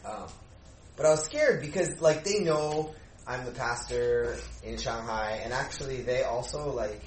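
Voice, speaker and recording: A man's voice: mid-range voice, unhurried, a little hiss or hum. A male pastor tells a personal story to his congregation in a loose, chatty manner, with many fillers and little acted-out quotes. His voice carries through a roomy, echoing hall and is picked up from a distance, with a faint murmur of room sound behind it. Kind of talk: sermon storytelling. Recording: roomy echo, mic at a distance.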